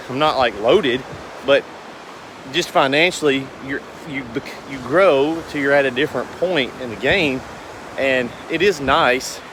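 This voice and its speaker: Against a noisy background, a business owner vlogger speaks to camera in a mid-range voice. His casual talk to viewers rambles along, earnest and folksy.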